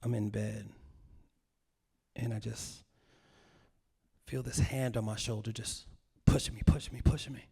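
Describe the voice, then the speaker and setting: A male comedian telling a story live on stage in an animated, self-mocking way, acting out the scenes. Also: lowish voice, measured pace, gravelly, long pauses, breathy edge. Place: stage at a cultural center.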